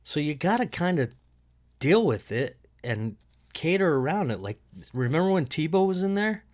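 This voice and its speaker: A man's voice: fairly high pitch, big pitch swings, normal speed. A man hosting a casual solo sports podcast from home, with a nasal voice and a rambling, profane way of talking. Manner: rambling, profane, laughs at own jokes. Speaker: podcast host.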